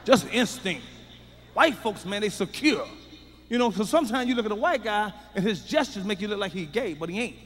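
A middle-aged man doing a loud, profane, emphatic stand-up routine, recorded live. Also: high voice, expressive, brisk, in a large hall, a little hiss or hum. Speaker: stand-up comedian.

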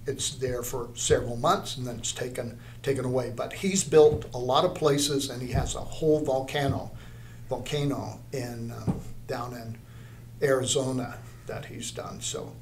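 A man's voice: medium pitch, measured pace, slight background noise. An older man, an art teacher, telling a story in an interview, rambling, with many restarts.

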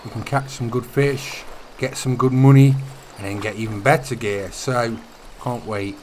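A man's voice: medium pitch, unhurried, a little hiss or hum. Chatty man narrating gameplay. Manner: chatty, relaxed, gives tips. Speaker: gaming YouTuber. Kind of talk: casual gameplay commentary.

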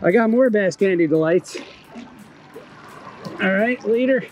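A man's voice: high voice, unhurried, a little mellow, faint music behind, rough recording. A man hosting a fishing video from a boat on open water, exclaiming with enthusiasm and explaining how to approach and catch fish. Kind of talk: excited on-the-water fishing commentary.

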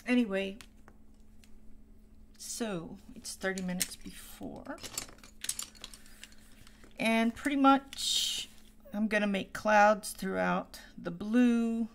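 Slow, gravelly-voiced woman coloring on stream. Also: medium pitch. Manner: unhurried, musing, often trails into soft half-whispers. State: has the hiccups. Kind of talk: casual live-stream chat while coloring.

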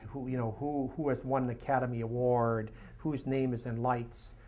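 A man's voice: mid-range voice, level tone, moderate pace, darkish tone. A middle-aged man preaching a sermon in a conversational way, with lots of "you know" asides.

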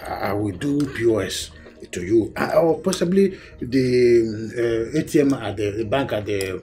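A man playing an excitable, stammering Nigerian lover man. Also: medium pitch, normal speed, slight background noise, natural voice. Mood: evasive. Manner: excitable, stammering, squeals with delight. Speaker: film actor. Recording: faint film music underneath.

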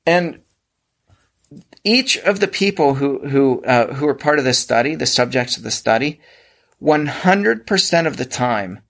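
A man with a Pennsylvania accent hosting a casual podcast discussion, explaining at length with frequent restarts. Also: medium pitch. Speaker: podcast host.

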